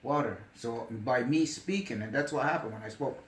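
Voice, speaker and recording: A man telling stories in casual conversation, emphatic and animated, often asking if the listener follows. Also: mid-range voice, normal speed, roomy sound, rough recording. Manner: animated, emphatic, asks "you get me?". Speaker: storyteller. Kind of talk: casual storytelling chat.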